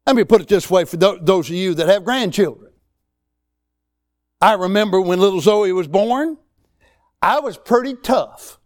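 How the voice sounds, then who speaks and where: A man's voice: high-pitched, lively intonation, normal speed, long pauses. A man, preaching a sermon in a folksy, emphatic way with rising exclamations. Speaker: pastor.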